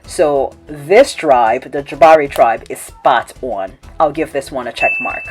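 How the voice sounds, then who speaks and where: A woman from Cameroon hosting a video essay, explaining things in a measured way with wry asides. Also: very deep voice, slightly rough, soft background music. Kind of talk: scripted commentary read to camera.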